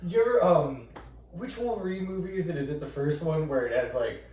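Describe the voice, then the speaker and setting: A man's voice: fairly high pitch, animated, fairly quick, darkish tone, heavy reverb, recorded from a distance. A man co-hosting a comedy podcast, laughing often and riffing in casual chat. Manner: laughs a lot, does silly voices. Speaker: podcast co-host.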